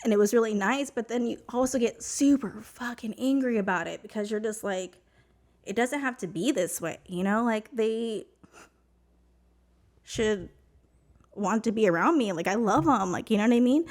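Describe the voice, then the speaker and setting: A woman's voice: a little high, moderate pace, a little mellow. A woman from New Mexico, a podcast guest, telling a personal story in an emotional, chatty way, full of "like" and "you know".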